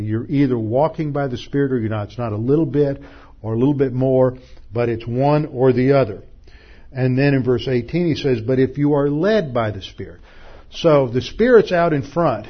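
A man's voice: medium pitch, husky. A man preaching an expository sermon, explaining Greek terms step by step and mixing in everyday illustrations, on a dull lo-fi recording. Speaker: Bible teacher.

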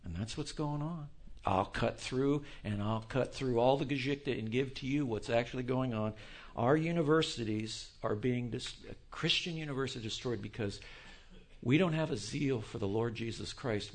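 A man giving an impassioned, sarcastic Bible lecture, swinging between quiet asides and loud outbursts. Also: mid-range voice, creaky. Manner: fiery, sarcastic, self-deprecating.

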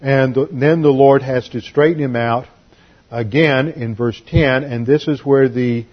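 A man's voice: mid-range voice, fairly even intonation, a little slow. A man preaching an expository Bible lesson, emphatic and explaining Greek words, on a dull lo-fi recording. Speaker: pastor.

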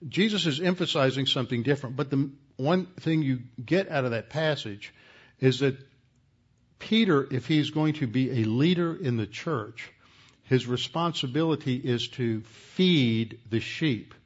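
A man teaching a lecture on scripture in a measured, explanatory way, stopping now and then to correct himself. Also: mid-range voice, husky, dull audio. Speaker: Bible teacher.

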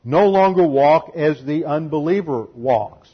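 A man's voice: fairly high pitch, expressive, measured pace, husky, highs cut off. A man preaching an expository sermon, teaching methodically through numbered points and scripture. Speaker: pastor.

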